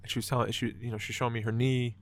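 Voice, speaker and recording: A man's voice: medium pitch, flat delivery, very fast. A man telling a moving personal story in casual conversation, swearing often and filling his talk with "like" and "right". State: choked up.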